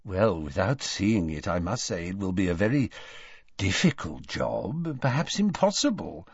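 A man's voice: low voice, very animated, a little slow, gravelly, breathy edge, no room sound, dull audio, heavily acted. A man voicing an oily, stooping, nervous shopkeeper who speaks reluctantly and servilely. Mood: evasive.

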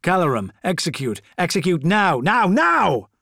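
A man's voice: high-pitched, big pitch swings, normal speed, creaky, pushed and bright, no echo, studio quality, pitched above the performer's own voice, full character voice. A man voicing an armored male warrior commander who roars orders in the heat of battle. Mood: bellowing.

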